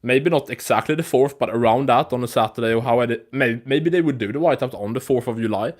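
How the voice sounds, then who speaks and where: A man hosting a live stream, chatting loosely and thinking out loud. His talk is rambling, full of restarts and casual swearing. His pitch sits in an ordinary middle range for a man. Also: quick pace. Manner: rambling, loose and profane, with frequent restarts and fillers. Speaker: host of a live MMA news stream.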